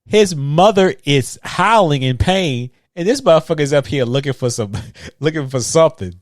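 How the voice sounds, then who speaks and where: A man co-hosting a casual podcast, laughing and reacting to a film with quick jokes. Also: fairly high pitch, animated, no echo, studio quality. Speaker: podcast co-host. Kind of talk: casual movie commentary chat.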